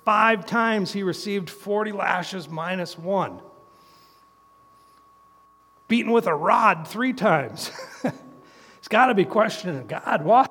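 High-voiced middle-aged man preaching. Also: expressive, slow, long pauses, a bit bright, slightly rough. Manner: folksy, chuckles between points. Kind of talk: sermon. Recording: long hall reverb.

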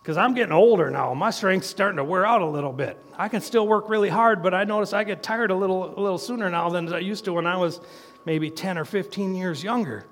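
A middle-aged man delivers a folksy sermon, chuckling between his points. His voice sits high for a man. A long reverb trails each phrase, as in a church hall. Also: fairly quick. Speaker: preacher.

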